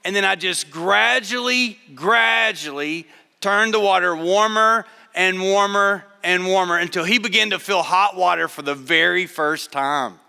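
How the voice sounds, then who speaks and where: A man's voice: sits high, unhurried, gravelly, sharp tone, smooth. A middle-aged man giving a chapel sermon, telling stories in a humorous, conversational way. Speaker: chapel speaker. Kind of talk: storytelling sermon. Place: large chapel hall. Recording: long hall reverb.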